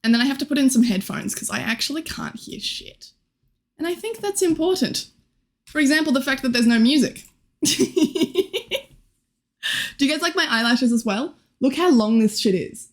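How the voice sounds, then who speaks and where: A woman's voice: sits high, lively intonation, moderate pace, long pauses. A young woman streaming live, chatting casually and greeting viewers, giggly and scattered, her voice a little worn. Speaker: Twitch streamer.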